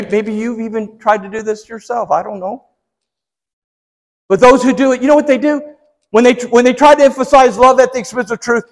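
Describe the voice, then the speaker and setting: A man's voice: sits high, in a large hall. A man preaching a sermon as pastor, swinging his emphasis up and down and putting rhetorical questions to the congregation.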